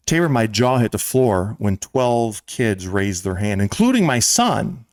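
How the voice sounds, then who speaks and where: An American man hosting a casual sports talk show, telling a long story with lively quoted voices. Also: on the low side, measured pace, no echo, clean studio sound. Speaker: show host and club president. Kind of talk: storytelling in casual podcast chat.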